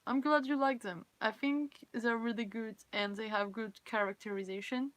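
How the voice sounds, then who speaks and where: A woman's voice: a little high, steady tone, moderate pace, fairly bright tone, no room sound. Tired french girl on a livestream, giggly, a bit self-deprecating, dry close sound. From France. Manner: chatty, giggly, self-deprecating, reads chat aloud. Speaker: cosplay livestreamer. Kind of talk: casual live stream chat with viewers.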